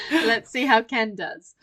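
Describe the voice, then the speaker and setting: Young female co-host, casual film chat, giggly and animated, voice a touch high. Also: slow, slightly rough. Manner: bubbly, laughs often, acts out quotes. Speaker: podcast co-host.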